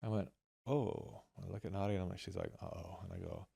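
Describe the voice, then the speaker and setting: Middle-aged male guest, low gravelly voice, lively storyteller acting out family scenes. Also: rapid-fire. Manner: animated anecdotes, acts out family dialogue. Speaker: filmmaker guest. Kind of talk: storytelling in conversation.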